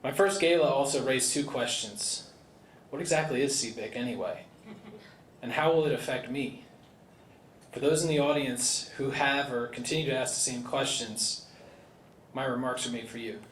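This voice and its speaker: A man's voice: mid-range voice, normal speed, pauses often, a little hiss or hum. A man, the board chairman, delivering earnest prepared remarks at an indoor gala. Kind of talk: prepared speech at a podium. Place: large indoor banquet hall. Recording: roomy hall with faint ambience.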